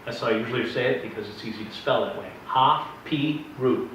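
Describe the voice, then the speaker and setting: A man's voice: mid-range voice, steady tone, rapid-fire, a bit bright, slight background noise. A man teaching a Bible history class in a casual, chatty way, wandering into joking asides while the class asks questions. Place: classroom with a live audience. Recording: echoey room, distant, dull sound.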